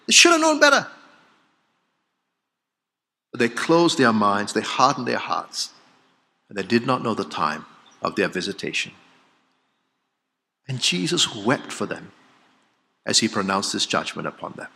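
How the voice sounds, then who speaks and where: A man preaching a sermon, swinging from loud exclamations to hushed, solemn lines. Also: fairly low pitch, expressive, unhurried, gravelly, long pauses. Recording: long hall reverb.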